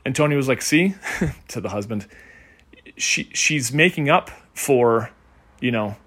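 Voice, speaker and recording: A man's voice: mid-range voice, a little slow, fairly bright tone, breathy edge. A man hosting a podcast, telling a story in a casual, rambling way with many fillers. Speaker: podcast host. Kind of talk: storytelling monologue.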